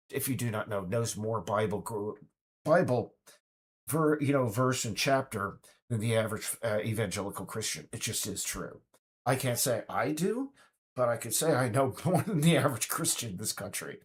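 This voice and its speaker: A man's voice: medium pitch, husky. A man giving a ranting political monologue, stammering and restarting, now and then mocking others in put-on voices.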